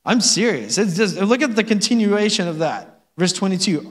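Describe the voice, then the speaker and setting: Pastor, male, higher-pitched voice, casual joking preaching style, long hall reverb. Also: expressive, normal speed, hardly any pauses, slightly rough. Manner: conversational and joking, with frequent laughs and "amen?". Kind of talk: sermon. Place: church sanctuary.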